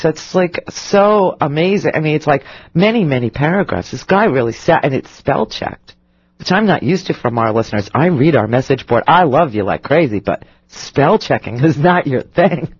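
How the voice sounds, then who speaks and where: A woman's voice: low-pitched, big pitch swings, moderate pace, breathy edge, no echo. A middle-aged woman talk radio host riffs in a loose, self-mocking monologue, full of fillers and restarts. Her voice sits close and dry on a studio mic, with a slightly dull, muffled sound. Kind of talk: casual on-air monologue.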